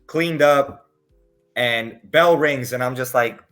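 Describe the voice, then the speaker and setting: A man's voice: medium pitch, slow pace, soft background music. A man, a podcast guest, telling casual stories with lots of swearing and acted-out quotes. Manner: animated, profane, acts out quotes. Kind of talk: casual storytelling.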